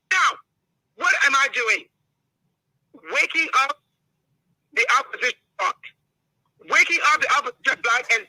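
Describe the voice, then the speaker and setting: A woman, a political guest speaking loudly and passionately, sometimes swearing, in a heated interview. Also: high-pitched, dry recording, low-quality recording. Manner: impassioned, loud, blunt with some swearing. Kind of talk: heated talk-show interview.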